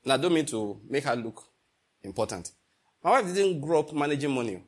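A middle-aged Nigerian man preaching a sermon, telling stories and slipping into pidgin, moving between loud and hushed delivery. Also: mid-range voice, big pitch swings, a little fast. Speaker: pastor. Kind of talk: sermon with storytelling.

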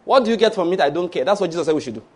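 A man with a Nigerian English accent preaching a sermon, telling stories, acting out voices and breaking into shouted mock prayers. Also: sits high, lively intonation, racing, husky. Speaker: pastor.

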